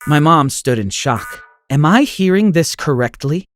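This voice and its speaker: A male text-to-speech voice reading a first-person story with an even, expressive delivery. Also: fairly high pitch, a little slow. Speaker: story narrator.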